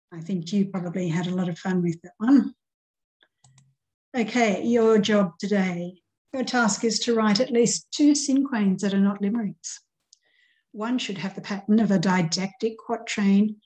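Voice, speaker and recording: A woman teacher giving a recorded grammar lesson, reading example poems aloud and counting out syllables deliberately. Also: mid-range voice, fairly even intonation, darkish tone, poor audio.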